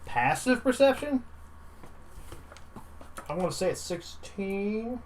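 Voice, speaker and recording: A man's voice: high voice, sing-song, slow, slight background noise. A man playing a tabletop game, casual and matter-of-fact as he speaks for his character. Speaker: player.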